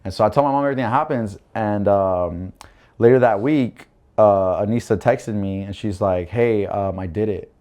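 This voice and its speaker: A young man tells a story on a podcast in a lowish voice. He rambles with fillers and acts out what other people said, and his voice rises and drops as he goes. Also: moderate pace. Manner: animated storytelling, acting out quoted voices, many fillers. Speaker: podcast guest. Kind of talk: casual storytelling.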